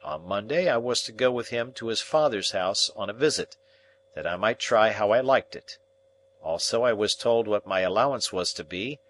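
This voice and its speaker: A man narrates a classic novel in a measured, even reading. His voice sits on the low side. A steady audiobook delivery. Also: a little hiss or hum.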